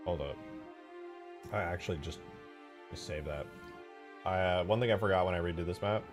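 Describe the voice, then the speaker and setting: A man's voice: deep voice, moderate pace, music in the background. A man giving casual, rambling commentary on his own gameplay, talking to himself as he goes. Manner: rambling, excitable self-talk. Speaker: game modder and streamer.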